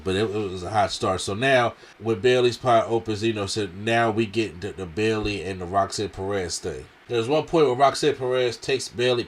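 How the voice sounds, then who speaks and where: Animated man with a strained throat. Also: on the low side. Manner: animated, slangy, acts out what wrestlers said. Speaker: wrestling show reviewer. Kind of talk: casual video review.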